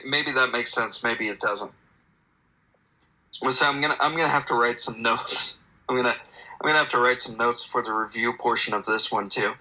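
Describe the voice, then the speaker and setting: A man riffs alone on his podcast about a film he watched, looping through half-finished thoughts and poking fun at himself. His voice is strikingly bright and edgy in tone, pitched squarely in the middle. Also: low-quality recording. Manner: meandering, self-deprecating, many restarts and fillers. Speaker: podcast host reviewing a film. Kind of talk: rambling solo podcast talk.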